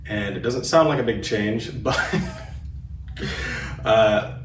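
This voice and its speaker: A young man teaching drum rudiments, counting the sticking aloud slowly and encouraging the learner. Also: fairly low pitch, a little hiss or hum. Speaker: drum instructor. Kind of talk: instructional lesson.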